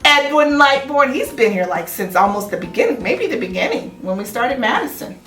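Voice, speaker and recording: A woman's voice: on the high side, very animated, brisk. A woman teaching a children's Sabbath school class, chatting playfully and teasing as she talks through the lesson with a child. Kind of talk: casual chat with a child. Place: church. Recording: echoey room, distant mic, soft music.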